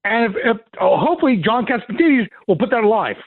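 A man calling into a talk radio show, excited and gushing with praise. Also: sits high, quick pace, no room sound. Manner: excited, gushing, laughs easily. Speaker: caller. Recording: tinny phone line.

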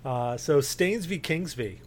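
Male podcast host, casual, animated, swears freely. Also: fairly high pitch, slow pace. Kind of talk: casual chat.

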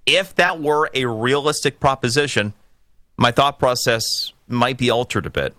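A man hosting a political call-in radio show, opinionated and emphatic, building to forceful peaks. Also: mid-range voice, lively intonation, moderate pace, dry recording, studio quality. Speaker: radio talk show host.

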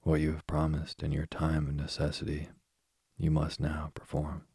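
A man voicing a stern old king and father in a measured storybook reading. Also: a bass voice, monotone, vocal fry, dark tone, husky, no echo, clean studio sound, full character voice.

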